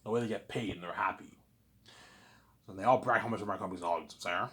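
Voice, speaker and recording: A man hosting his own series, talking in a casual, excitable, rambling way and often repeating words as he restarts. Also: fairly low pitch, fast talker. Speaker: host of a listening series.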